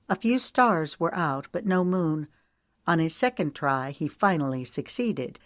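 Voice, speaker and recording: A woman with a deep voice narrates an audiobook in a steady, measured storytelling style. The recording is dry and of studio quality.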